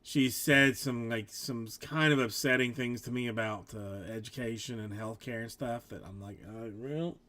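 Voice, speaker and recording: A man's voice: mid-range voice, fairly even intonation, moderate pace, hardly any pauses, fairly bright tone. A man hosting a live stream, telling a rambling story in casual chat, acting out both sides of a conversation. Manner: rambling, with many restarts and quoted back-and-forth.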